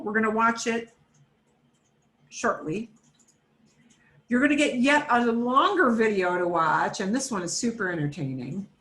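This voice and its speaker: A woman's somewhat high, slightly bright voice guides a beginner Spanish class over a video call, alternating English and Spanish in chatty, repetitive instruction marked by fillers and self-corrections.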